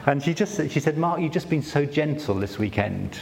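A man speaking at a conference, telling stories in a relaxed, self-deprecating way. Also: on the high side, a little fast, gravelly, hardly any pauses, in a large hall. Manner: conversational, self-deprecating storytelling with many restarts. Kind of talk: sermon-style talk.

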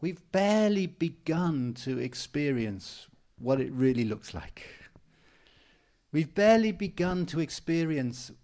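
A man's voice: a little high, animated, measured pace, warm tone. A man preaching a sermon in an earnest, encouraging way, repeating phrases for emphasis. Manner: mimics people for humor with raised voice.

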